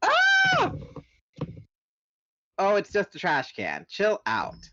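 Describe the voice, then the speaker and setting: A man's voice: a little high, huge pitch swings, measured pace, a bit bright, voice pushed up, full character voice. A man voicing a cocky teenage boy who insists he can drive, flippant and defensive, on a dull, lo-fi recording.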